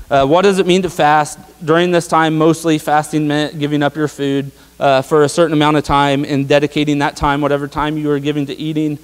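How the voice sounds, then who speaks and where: A man's voice: on the high side, level tone, fairly quick, few pauses, clean tone. A young man preaching a casual sermon, talking conversationally with lots of fillers and tag questions. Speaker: pastor. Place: church sanctuary. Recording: long hall reverb.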